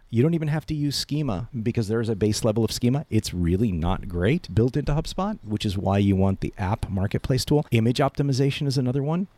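A man speaking as a guest expert on a podcast, explaining quickly and animatedly, often tagging on "right?". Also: on the low side, no room sound. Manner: fast, animated explaining with frequent "right?" tags. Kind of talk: casual podcast talk.

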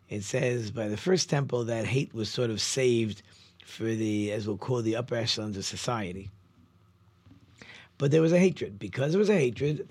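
Husky-voiced rabbi teaching animatedly. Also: male voice, mid-range voice. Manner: animated teaching, rhetorical questions, frequent restarts. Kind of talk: Torah lesson talk.

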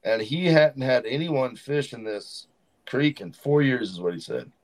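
A man telling animated stories as a podcast guest in a studio. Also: medium pitch, measured pace, poor audio. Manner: animated storyteller, acts out quotes. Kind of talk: casual storytelling.

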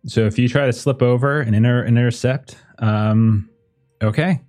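A man's voice: medium pitch, steady tone, moderate pace, darkish tone, soft background music. Laid-back male game master. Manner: casual, rambling, lots of fillers. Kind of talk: narrating a tabletop game.

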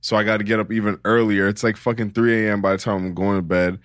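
A man's voice: on the low side, fast, no echo, clean studio sound. Slangy young man telling a story. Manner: animated storyteller, slangy and profane, acts out quotes. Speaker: podcast co-host. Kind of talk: casual chat among friends.

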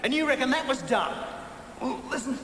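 A belligerent young drifter, high-pitched and lively, snapping and shouting. The voice sits in a roomy, echoing space with clear noise behind it, like a clip from an old film. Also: male voice, brisk. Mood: confrontational.

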